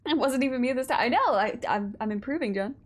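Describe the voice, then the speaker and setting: A young woman streams a game live, chatting with viewers in a playful, teasing way and occasionally swearing. Her voice is slightly high, expressive and quick.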